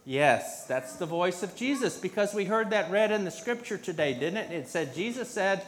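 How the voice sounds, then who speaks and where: Man, slightly high voice, leads a children's sermon with patient, simple questions. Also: lively intonation, moderate pace. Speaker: pastor leading a children's message.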